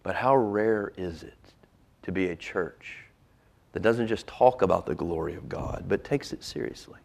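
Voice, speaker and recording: A male pastor preaching a sermon, swinging from loud emphasis to hushed, whispered lines. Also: low voice, lively intonation, measured pace, gravelly.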